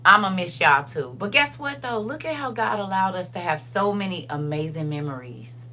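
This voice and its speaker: An older woman talks casually with her livestream viewers in a bright, forceful voice. She is chatty and emphatic, repeats her phrases, and reads comments out loud as she goes. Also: medium pitch, lively intonation, normal speed, a little hiss or hum. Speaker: livestream host.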